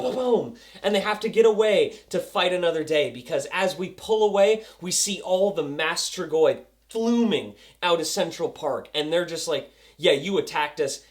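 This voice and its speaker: Excitable young man reviewing a TV show. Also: high voice. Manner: excitable, acts out scenes with sound effects. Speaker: TV episode reviewer. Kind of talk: casual video review.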